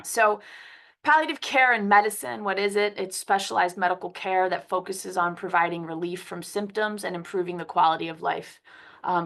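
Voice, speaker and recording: A woman's voice: fairly low pitch, fairly bright tone. A woman from Philadelphia, a physician who has a cold, giving a conversational webinar lecture over a computer mic. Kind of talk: webinar presentation.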